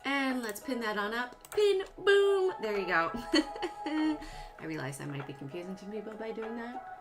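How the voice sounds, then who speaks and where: With music playing, a female host runs a live stock trading stream, working through charts and bantering lightheartedly with her audience in casual market talk. She speaks at a moderate pace in an animated, mid-range voice.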